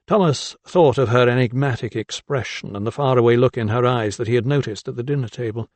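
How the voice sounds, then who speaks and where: Calm male audiobook narrator, dry sound. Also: mid-range voice, brisk, few pauses, no echo. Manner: calm, even storytelling. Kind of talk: scripted narration.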